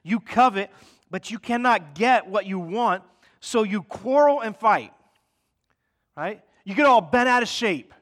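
A man's voice: high-pitched, expressive, a little slow, a bit bright. A man preaching a sermon in a conversational style, often checking in with his listeners and acting out their complaints. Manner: acts out listeners' complaints in mock voices.

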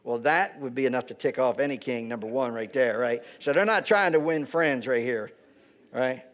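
A man's voice: mid-range voice, moderate pace, fairly bright tone. A man preaching a teaching sermon in a conversational way, often checking in with his listeners by asking "right?". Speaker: pastor. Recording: dull lo-fi recording.

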